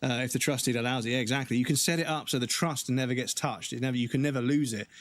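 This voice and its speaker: Hoarse, swearing man ranting. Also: medium pitch. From United Kingdom. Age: 40s. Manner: angry, swearing, halting restarts. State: voice going hoarse. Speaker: livestream gamer. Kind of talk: casual livestream rant.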